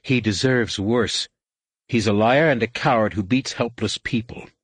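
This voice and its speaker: A man's voice: medium pitch, measured pace, slightly rough, dry recording, pitched above the performer's own voice. A man reading an audiobook, voicing a fierce, protective young Jedi woman in a raised, lighter voice.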